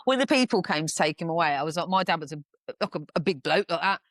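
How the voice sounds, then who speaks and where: Frank woman with a low voice. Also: expressive, fast talker, no echo, studio quality. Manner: frank storytelling with dark humor, swearing. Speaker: podcast guest. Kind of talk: casual podcast conversation.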